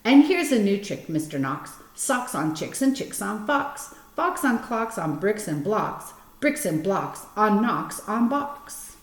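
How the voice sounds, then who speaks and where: A woman's voice: medium pitch, sing-song, slow pace, few pauses, pitched above the performer's own voice. A woman reading the part of a playful male fox in a storybook, in a bouncy, teasing sing-song. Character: playful male fox showing off tongue twisters. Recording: roomy echo.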